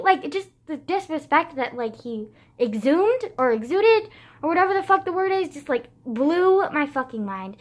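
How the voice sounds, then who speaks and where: High-voiced teen girl venting casually. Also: very animated, moderate pace. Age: teens. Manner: heavy use of "like" as filler, frequent sighs, blunt swearing. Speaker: vlogger. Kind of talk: casual chat.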